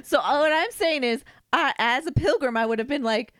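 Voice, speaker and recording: Woman, fairly high voice, dry close sound, podcast co-host, goofy, playful, quick to laugh. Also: a bit bright, no room sound. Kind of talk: casual chat.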